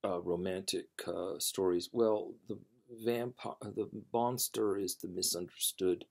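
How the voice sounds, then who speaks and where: Low gravelly man rambling casually. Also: fairly even intonation, darkish tone. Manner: rambling, halting, many fillers and restarts. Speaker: storytelling channel host. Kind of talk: casual spoken intro before a reading.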